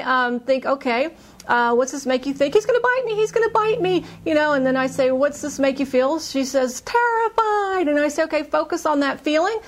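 A woman recounting a hypnosis session in a lively, animated way, her voice sitting a little high. She jumps up in pitch whenever she voices the client's scared lines. It sounds like casual podcast storytelling. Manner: animated, acts out client's quotes in higher voice.

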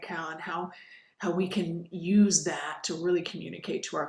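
A woman's voice: lowish voice, normal speed, creaky, roomy sound. A woman co-hosting a hypnosis training discussion, explaining ideas in an earnest, explanatory way. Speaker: co-host, hypnotist. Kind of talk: teaching discussion.

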